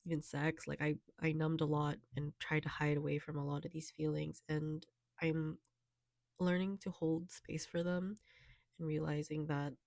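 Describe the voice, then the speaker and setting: Low-pitched gravelly young woman, tearful. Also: no echo, studio quality. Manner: soft, emotional, halting with many fillers. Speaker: vlogger. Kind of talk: personal confessional vlog.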